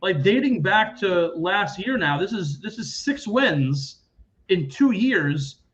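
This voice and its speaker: A man's voice: high-pitched, big pitch swings, slow pace, fairly bright tone, poor audio. A young man hosting a casual sports podcast, telling stories in a chatty way and swearing freely. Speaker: podcast host.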